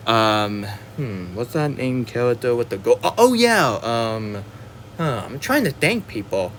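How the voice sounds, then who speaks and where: A man's voice: mid-range voice, sing-song, measured pace, fairly bright tone, slight background noise. Rambling exasperated man ranting. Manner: exasperated, rambling, stumbles over words and apologizes. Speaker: movie reviewer. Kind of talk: ranting film review monologue.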